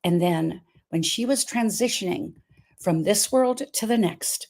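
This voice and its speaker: A woman in her seventies from Montana, hosting a virtual health event with an inspirational talk, emphatic and repetitive, swinging her pitch and volume. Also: a little slow, darkish tone.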